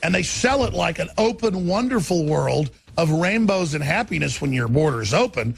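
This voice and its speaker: A man's voice: on the high side, lively intonation, normal speed, vocal fry, hardly any pauses, soft background music. A middle-aged man, hosting a political talk radio show in an intense, ranting, emphatic way. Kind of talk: political commentary broadcast.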